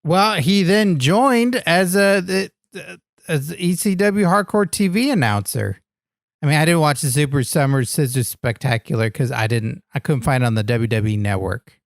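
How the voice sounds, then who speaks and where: A man co-hosting a comedy wrestling podcast, goofy and deadpan in his banter. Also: on the high side, normal speed, gravelly, no echo, studio quality. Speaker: podcast co-host.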